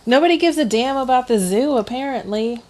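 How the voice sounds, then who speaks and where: A woman co-hosting a casual podcast, chatty and quick to laugh. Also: sits high, expressive, darkish tone. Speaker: co-host.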